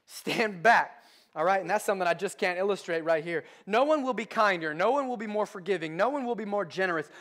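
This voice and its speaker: A man with a notably high voice preaches a sermon as a pastor. He hammers points home by repeating phrases, then drops into hushed, self-deprecating asides. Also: animated, fast talker, few pauses. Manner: emphatic preaching with repeated phrases, swinging between loud and hushed.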